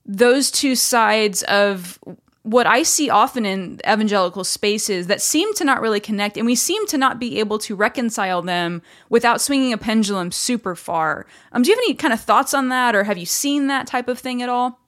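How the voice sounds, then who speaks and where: A woman's voice: fairly high pitch, expressive, normal speed, a bit bright. A woman hosting a podcast, asking conversational, rambling questions as she searches for words. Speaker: podcast host. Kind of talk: casual interview questions.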